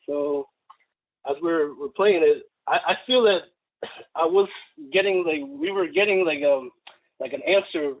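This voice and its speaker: A man calling in to tell a story, halting with many fillers and restarts, over a phone line. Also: a little high. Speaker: caller. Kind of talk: casual storytelling.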